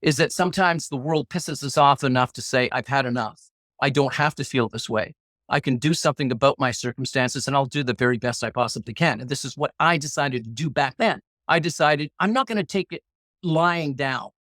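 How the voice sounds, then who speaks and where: A man's voice: medium pitch, brisk, a bit bright, dry recording. A middle-aged man telling a personal story as a guest in an interview, acting out the competing voices in his head. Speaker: guest, former hostage negotiator.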